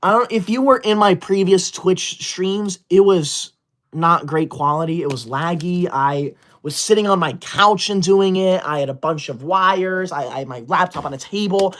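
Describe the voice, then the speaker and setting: This woman's voice is on the low side and fairly bright, at normal speed. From home, using a laptop setup, she livestreams casual chat and reads viewer comments aloud in an indignant, scolding way.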